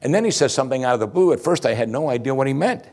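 A man preaching a sermon, explaining scripture in an animated way with chuckling asides and emphatic rising peaks. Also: medium pitch, rapid-fire. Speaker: pastor.

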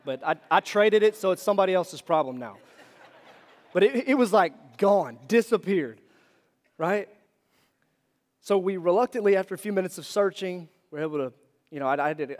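A male pastor in his thirties preaching a sermon, telling a personal story in a conversational, animated way with asides to the congregation. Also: fairly high pitch. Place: church hall. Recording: long hall reverb.

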